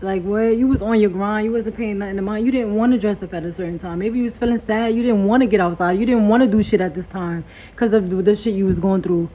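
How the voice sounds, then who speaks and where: A woman's voice: medium pitch, fast, phone-quality sound. A woman doing a casual spiritual reading vlog, hyped and blunt, talking in slang and swearing freely. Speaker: tarot reader.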